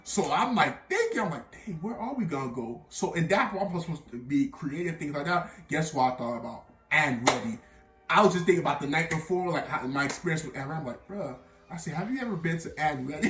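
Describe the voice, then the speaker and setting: Young man, lively slangy storyteller, fairly high voice, off-mic. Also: fast talker, distant mic. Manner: animated storytelling with slang and bursts of laughter. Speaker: vlogger. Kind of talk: storytime vlog. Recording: echoey room, off-mic.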